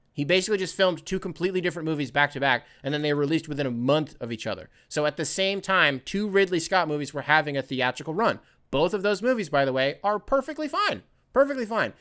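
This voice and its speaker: A young adult man hosting a podcast alone, rambling and animated, swearing and correcting himself as he goes. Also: fairly high pitch. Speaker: podcast host. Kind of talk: casual solo monologue.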